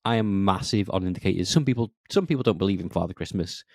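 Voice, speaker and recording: A man with a deep, low voice talks quickly in a relaxed podcast chat. He gets animated, jumping up in pitch to act out quoted remarks, and the sound is dry and close. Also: dry recording. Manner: animated, acts out quoted lines in a raised voice. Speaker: podcast co-host. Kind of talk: casual chat.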